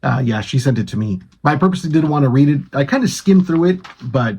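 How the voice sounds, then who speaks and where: Husky quick-talking male co-host. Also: medium pitch, lively intonation, darkish tone. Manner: laid-back, brief agreeing replies. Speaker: podcast co-host. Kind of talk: casual chat.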